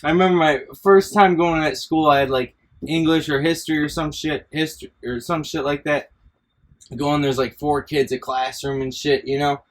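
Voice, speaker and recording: A man's voice: fairly high pitch, fairly even intonation, normal speed. A man casually telling stories from his school days, rambling and profane, often breaking into laughter. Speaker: podcast host. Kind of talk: casual storytelling chat.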